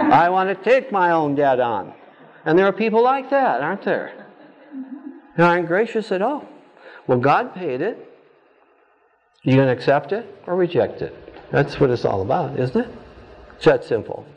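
A man's voice: medium pitch, darkish tone, lo-fi sound. A man teaching a Bible study class, firing pointed questions at his students and answering them himself.

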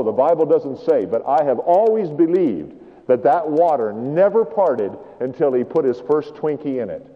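A man preaching a sermon as pastor, animated, his voice climbing high and then falling to a hush. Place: church. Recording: dull recording with long hall reverb.

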